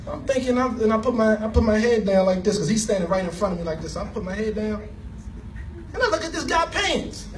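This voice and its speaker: A man giving an animated, emotional personal story as a speaker at an event, laughing as he talks. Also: sits high, very fast, hardly any pauses, recorded from a distance, slight background noise. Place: event hall.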